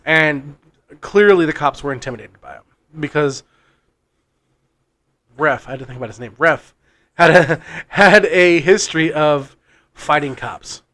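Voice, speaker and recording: A man's voice: a little high, unhurried, long pauses, sharp tone. A man co-hosting a podcast, telling a long story casually in a rambling, profane way. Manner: rambling and profane, with frequent restarts and laughs. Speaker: podcast co-host.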